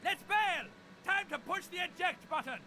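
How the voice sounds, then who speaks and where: A shrill, gleeful talking necktie. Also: male voice, lively intonation, moderate pace, sharp tone, slight background noise, exaggerated voice. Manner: egging on, gleeful.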